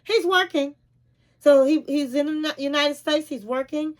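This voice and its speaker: A woman vlogger retelling a reality show in a chatty, animated way, often calling the listener "honey.". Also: high-pitched, brisk. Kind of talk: casual storytelling recap.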